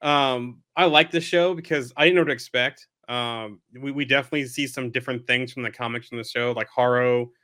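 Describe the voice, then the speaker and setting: A man chatting on a podcast, halting and hesitant with fillers. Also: medium pitch, steady tone, bright, forceful tone. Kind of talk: casual chat.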